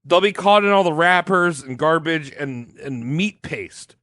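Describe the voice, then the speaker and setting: A man co-hosting a comedy podcast, cracking jokes and cutting in. His voice is somewhat high and bounces around a lot. The recording is dry and close. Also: lively intonation, a little slow, a bit bright, dry recording. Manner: joking, interrupting. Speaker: podcast co-host. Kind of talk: comedic banter.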